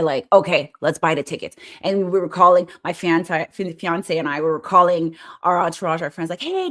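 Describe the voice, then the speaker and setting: Excitable chatty woman hosting a live stream. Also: fairly low pitch. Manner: chatty and excitable, reads viewer comments aloud. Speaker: host. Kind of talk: casual live-stream chat. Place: Montreal.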